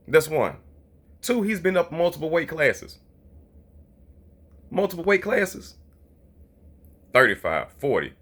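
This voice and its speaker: Ranting man with a lively voice. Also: mid-range voice. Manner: blunt, profane, repetitive ranting; mocking quoted voices. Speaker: boxing commentator. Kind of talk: heated monologue.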